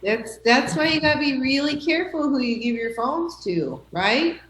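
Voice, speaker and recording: A woman's voice: high-pitched, expressive, moderate pace, a bit bright, reverberant, slight background noise, rough recording. A woman teacher talking to her class, reassuring and checking in with "okay?" and "right?" as she goes. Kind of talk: classroom talk.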